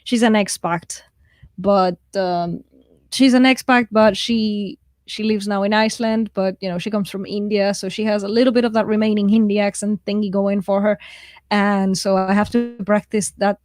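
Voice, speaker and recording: A woman's voice: mid-range voice, fairly even intonation, moderate pace, a little mellow, no echo. A woman with a mixed, shifting accent, hosting a live writing stream in a casual, self-deprecating way, reading viewer comments aloud and laughing often. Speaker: livestream host of a writing write-in.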